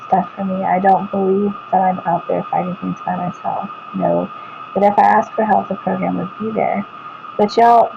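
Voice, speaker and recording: A middle-aged woman with a Texan accent talks calmly to her viewers at home, rambling and often restarting her sentences. Her voice has a gravelly edge. The recording is muffled and lo-fi, with a steady hiss of noise behind her. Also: mid-range voice. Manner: calm, even and rambling, often trailing off and restarting. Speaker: vlogger. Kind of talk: casual talk to camera while showing her computer screen. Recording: dull lo-fi home recording with clear background noise.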